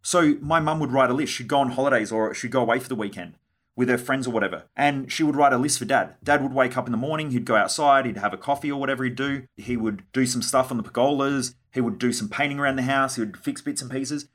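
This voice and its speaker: Husky, fast-talking man. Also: mid-range voice. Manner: blunt, swears freely, acts out quoted conversations. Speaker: podcast host. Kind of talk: solo podcast monologue.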